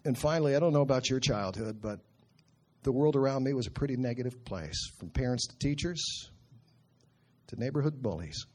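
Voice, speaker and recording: A middle-aged man preaching in an earnest, conversational way, slowing down to quote scripture. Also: medium pitch, animated, darkish tone, slightly rough. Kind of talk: sermon.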